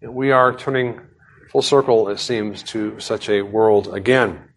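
A man as pastor, preaching a sermon with prayers and a scripture reading in a measured way. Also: lowish voice, steady tone.

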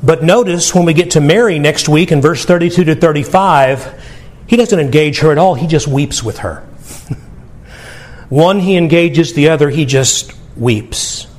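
High-voiced man preaching a sermon. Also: a little slow. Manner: earnest, emphatic, conversational preaching with repeated words. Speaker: pastor.

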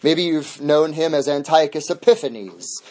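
A man's voice: a little high, unhurried, darkish tone, a little hiss or hum. A man teaching a midweek Bible study as pastor, emphatic, restating key phrases over and over.

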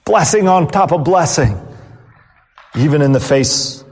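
A man preaching a sermon as pastor, pausing often and letting phrase ends fall away softly. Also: on the high side, animated, in a large hall. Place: church.

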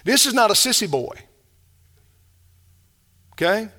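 A man delivers a passionate sermon with a fairly high voice. He drives his points home with rhetorical questions and swings from loud emphasis down to near-whispered quiet. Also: very animated, slow. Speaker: preacher.

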